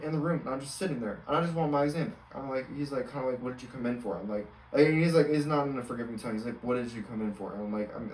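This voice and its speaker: A man's voice: mid-range voice, far from the mic, a little hiss or hum. Rambling young man in a roomy space. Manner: rambling, filler-heavy, exasperated. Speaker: college student vlogger. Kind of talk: casual storytelling rant.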